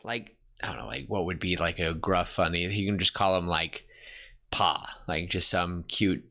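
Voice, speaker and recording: A man co-hosting a podcast, brainstorming a fantasy story in casual chat and excitedly acting out the characters' lines. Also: low voice. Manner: excited, acts out characters' lines in quick bursts. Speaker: podcast co-host.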